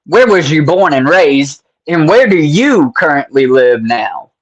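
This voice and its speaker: A man hosts a casual interview, friendly and talkative, laughing and throwing in slang. His voice sits somewhat high for a man, and he rambles loosely as he works through his questions. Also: big pitch swings, unhurried, muffled recording. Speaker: interview host.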